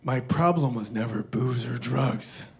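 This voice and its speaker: A man doing an impression of a gruff, blunt aging male movie star with a terse, commanding manner. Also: medium pitch, measured pace, darkish tone, pitched below the performer's own voice, exaggerated voice.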